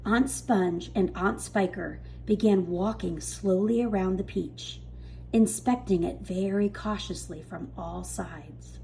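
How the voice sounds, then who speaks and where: A woman reading a children's book aloud in a lively, expressive storytelling manner. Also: mid-range voice, takes it slowly, gravelly. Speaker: reader.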